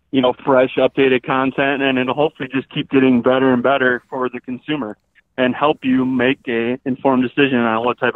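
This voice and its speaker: A man's voice: medium pitch, no echo. A man from Wisconsin with a Wisconsin accent, a boot company spokesman chatting in a casual interview, folksy and easygoing with lots of fillers. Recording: tinny phone line.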